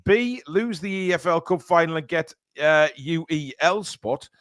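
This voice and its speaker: A man's voice: a little high, lively intonation, a little slow, a bit bright, dry recording, clean studio sound. A man hosting a casual live stream, reading out donations with lots of fillers. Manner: rambling, many fillers. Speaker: stream host reading super chats.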